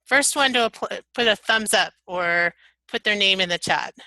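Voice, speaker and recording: A woman presenting a software tutorial webinar, walking through the steps one at a time. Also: medium pitch, moderate pace, no echo, low-quality recording. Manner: upbeat step-by-step instructions.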